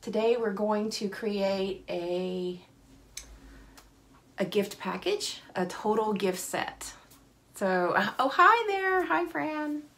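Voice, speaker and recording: Slow, chatty woman hosting a craft stream. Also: mid-range voice. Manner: chatty, greets viewers by name; cheerful, apologetic asides. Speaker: paper craft host. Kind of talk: live-streamed craft tutorial.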